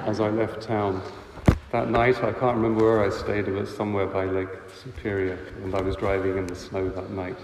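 Priest in an echoey church. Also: male voice, on the low side, a little mellow, distant mic, a little hiss or hum. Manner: halting, emotional, with many fillers. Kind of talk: homily.

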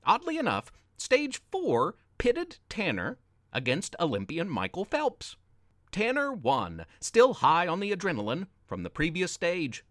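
A man reading a children's adventure story aloud with expressive, dramatic narration. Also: high-pitched, unhurried, no echo, studio quality.

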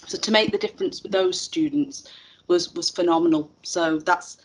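A woman's voice: fairly low pitch, normal speed, slightly rough, rough recording. A middle-aged woman, a teacher educator telling stories in an interview with many fillers and restarts. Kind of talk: casual interview chat.

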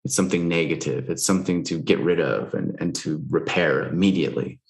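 A man's voice: low voice, fairly quick. A man talking candidly in casual conversation, loose and frank, with lots of fillers and the odd swear.

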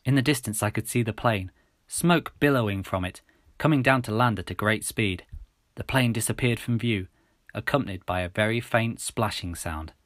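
A man reading a first-person story aloud in a measured, steady way. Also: fairly low pitch, no echo, studio quality.

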